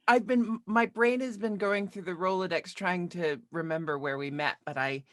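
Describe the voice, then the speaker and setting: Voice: mid-range voice, steady tone, moderate pace, dry recording. A panel guest chatting casually, with dry jokes and laughter.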